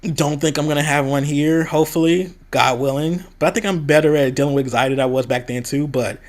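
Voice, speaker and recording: This young vlogger from the American Midwest talks fairly quickly in a voice on the high side, with fairly even intonation. He candidly complains about a previous job in a casual vlog, quoting others in a raised voice.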